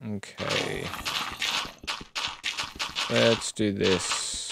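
A man with a fairly low voice speaks slowly while live-streaming a video game, rambling casually and swearing as he plays. The home stream recording is noisy.

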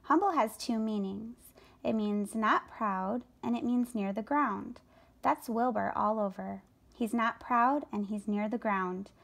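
A woman voicing a gentle, wise female spider who speaks softly and low. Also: a little slow, creaky, full character voice. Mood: kindly. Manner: soft and low-voiced.

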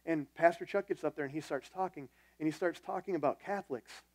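Male pastor, sermon, casual storytelling, self-deprecating, slightly high voice. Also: fairly quick, darkish tone, no room sound.

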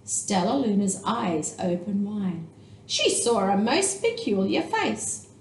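A woman teacher reading a picture book aloud to young children, slow and expressive. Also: mid-range voice, roomy sound, a little hiss or hum, rough recording.

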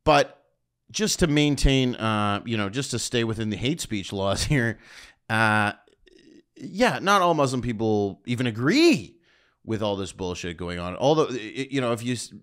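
Man, comedian, sardonic, rambling, provocative, smooth resonant voice. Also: medium pitch, lively intonation, measured pace, fairly bright tone. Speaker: stand-up comedian and show host. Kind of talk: comedic rant.

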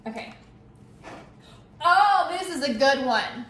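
A woman's voice: a little high, animated, moderate pace. A woman hosting a casual vlog, chatting playfully and teasing her friend. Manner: teasing, giggly, bursts of mock paparazzi shouting. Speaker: vlog host. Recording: echoey room, far from mic, noisy.

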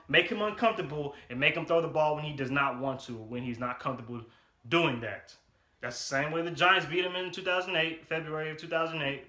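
Young guy w/ ranting about the game, real bright sharp tone, roomy echo. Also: mid-range voice. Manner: frustrated, loud and emphatic, repeats himself; slang-heavy, talks fast through stats. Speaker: sports fan vlogger. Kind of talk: casual game reaction rant.

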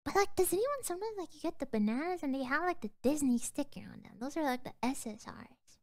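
A woman's voice: high-pitched, expressive, fast talker. A sleepy young woman streamer rambling drowsily as she chats to her viewers, often trailing off. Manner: chatting to viewers. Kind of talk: casual livestream chat.

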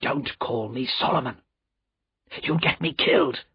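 A man voicing a frightened, shifty spy who speaks in a low, hushed, urgent way. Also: measured pace, creaky, husky, heavily acted. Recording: dull lo-fi recording.

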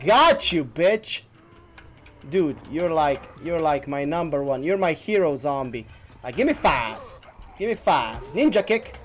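A man's voice: sits high, very animated, slow, pauses often, faint music behind. A male gaming streamer commentating on gameplay, breaking into helpless hysterical laughter to the point of tears and swearing as he talks.

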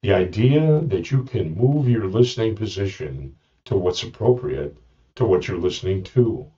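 A man's voice: on the low side, expressive, moderate pace, warm tone, far from the mic, lo-fi sound. A man hosting a podcast, talking through listening tips in a rambling, joking monologue with many restarts. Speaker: podcast host. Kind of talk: casual monologue.

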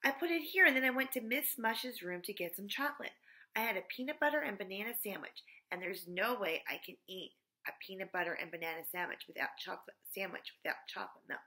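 A woman's voice: mid-range voice, expressive, quick pace, bright, forceful tone. A woman reading aloud in the voice of an earnest young schoolgirl who insists on her point. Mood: insistent.

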